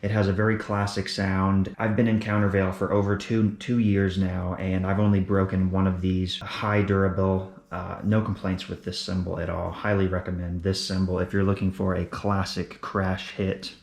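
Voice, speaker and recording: A man's voice: low voice, flat delivery, moderate pace, gravelly, hardly any pauses, darkish tone. A young man, a drummer, casually explaining his drum kit and cymbals, often repeating words as he goes. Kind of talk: casual gear walkthrough. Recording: echoey room.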